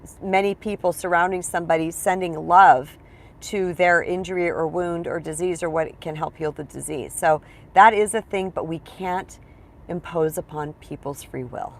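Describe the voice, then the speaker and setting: A woman's voice: fairly low pitch, fairly even intonation, moderate pace. A woman speaking as a spiritual coach in a casual teaching monologue, chatty and emphatic, often checking in with her listeners.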